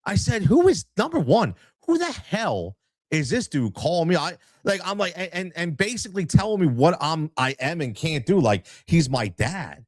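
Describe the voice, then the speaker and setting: During a casual podcast interview, a man tells a story about a dispute from his time as a youth soccer coach, getting heated, repeating himself, and acting out both sides of the conversation. His voice is fairly high and very animated, at a moderate pace, with no room sound.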